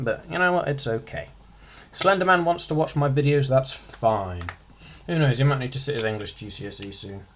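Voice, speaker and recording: A man giving a casual revision lesson as a tutor, chatty, with jokey asides, stressing single words. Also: medium pitch.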